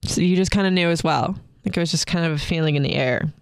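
A young woman, co-host of a podcast, telling a personal story candidly with many filler words and soft laughs. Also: deep voice, fast talker, clean tone, dry recording, studio quality.

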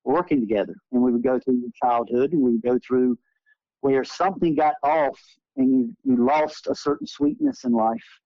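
A man's voice: mid-range voice, expressive, moderate pace, creaky, warm tone, dry recording. A man in his forties, an energy healer and interview guest, telling spiritual healing stories in an earnest, emphatic way. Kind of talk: earnest conversational storytelling. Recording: dull lo-fi recording.

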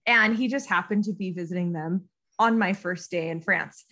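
Animated American woman telling a story. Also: fairly low pitch, moderate pace. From United States. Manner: animated storyteller, frequent ums and laughs. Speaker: guest. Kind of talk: casual storytelling interview.

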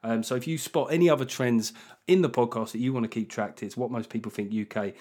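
A man's voice: mid-range voice, fast. Man, middle-aged, podcast host, comic monologue, swears a lot, mocks himself. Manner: sweary, self-mocking, animated asides. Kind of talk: solo comedy podcast monologue.

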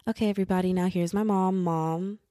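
A young woman hosting a podcast, telling a story in a casual, animated way and mocking other people in impressions. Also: on the low side, a little fast, no echo, studio quality. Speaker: podcast host. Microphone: podcast mic.

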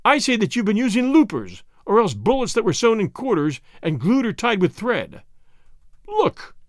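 A stern older Boer umpire, put on by a male narrator in an audiobook. He declares his rulings loudly and forcefully, and his voice rises and falls widely in a high register. The recording is dry and close. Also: big pitch swings, normal speed, no room sound. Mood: indignant.

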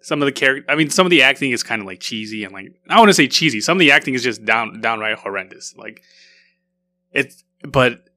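A man's voice: mid-range voice, animated, a little fast, sharp tone. A man co-hosting a podcast, chatting casually and rambling with many restarts. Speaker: podcast co-host. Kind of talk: casual chat.

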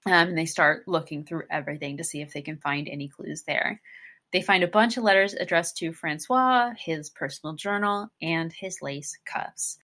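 A woman's voice: sits low, moderate pace, pushed and bright. A woman co-hosting a podcast, retelling a mystery plot in a wry, matter-of-fact way. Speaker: podcast co-host. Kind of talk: casual book discussion.

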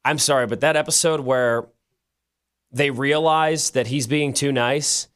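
A man co-hosting a show, chatting excitedly and casually, with frequent restarts. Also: mid-range voice, measured pace. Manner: excitable, animated, restarts often. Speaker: radio show co-host. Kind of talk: casual chat.

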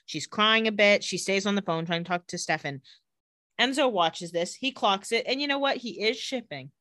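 Woman podcast co-host, bright sparky voice, sarcastic recapper, dry close mic. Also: medium pitch, no room sound. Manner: sarcastic asides while retelling scenes, quick laughs. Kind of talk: casual chat.

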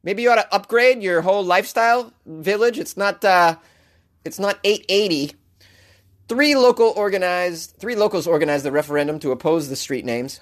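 A man with a slightly high voice rants through odd news items in a comic commentary show. He is sarcastic and animated, jumping into mock voices as he riffs. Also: fairly quick. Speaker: podcast host.

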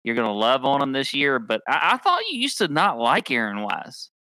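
A man's voice: mid-range voice, big pitch swings, moderate pace, sharp tone, no room sound, studio quality. A man co-hosting a podcast, teasing his partner in casual chat. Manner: teasing, laid-back. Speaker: podcast co-host.

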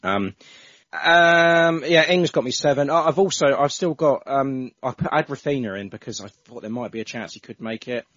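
A man's voice: mid-range voice, lively intonation, moderate pace, a bit bright, no room sound, dull audio. A man hosting a casual football podcast, chatting with frequent restarts. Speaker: podcast host.

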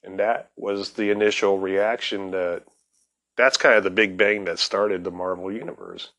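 A man hosting a casual podcast, telling comics history in a loose, profane, excitable way that is often broken by laughter. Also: lowish voice, moderate pace. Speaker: podcast host.

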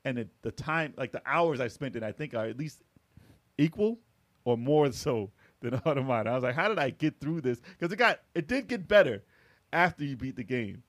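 A man chatting on a podcast at a middle pitch, easygoing and talkative. He spins long stories about games he played and acts out what he thought at the time. His voice sits close and dry, with no room around it. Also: animated, brisk, a bit bright, no echo. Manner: laid-back storytelling, quotes his own past reactions. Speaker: podcast guest or co-host. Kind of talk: casual podcast chat about video games.

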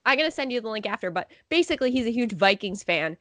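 Talking fast at a fairly high pitch, this woman co-hosts a podcast on a dry recording. Her storytelling is lively, full of frequent laughter and impressions of other people's lines in casual conversation.

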